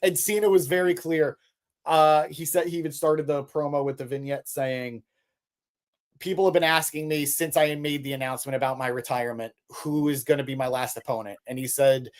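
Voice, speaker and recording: A man with a slightly raised pitch co-hosts a casual live stream. He reads viewer comments aloud and answers them off the cuff, with joking swears. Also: fairly even intonation, brisk. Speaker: podcast co-host reading live chat.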